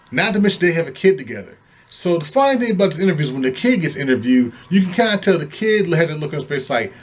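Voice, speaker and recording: Brief: man, higher-pitched, lively swings, heated cussing rant to camera. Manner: heated, swearing, animated storytelling. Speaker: vlogger. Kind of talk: casual profane rant.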